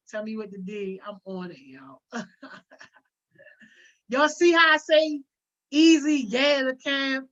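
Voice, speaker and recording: A woman's voice: fairly high pitch, fairly bright tone. A woman hosting a casual livestream, reading viewer comments aloud, using lots of slang and often laughing. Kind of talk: casual live chat. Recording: dull lo-fi audio.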